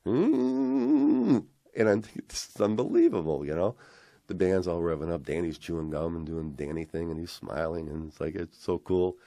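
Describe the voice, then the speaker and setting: An older man with a very deep voice is interviewed and tells a long, rambling story. He acts out every exchange along the way, keeping the telling excited. The sound is close and dry, with almost no room in it. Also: fairly quick, no room sound. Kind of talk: animated anecdote retelling.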